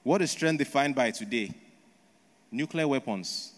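A man's voice: medium pitch, unhurried. A male preacher who tells history as a story in his sermon, tossing in rhetorical questions and a repeated "right?". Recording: long echo of a large hall.

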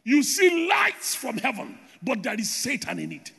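A man preaching a sermon with loud shouted declarations and rhythmic repetition, recorded in a large reverberant hall. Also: very high voice, huge pitch swings, a little slow, vocal fry, husky.

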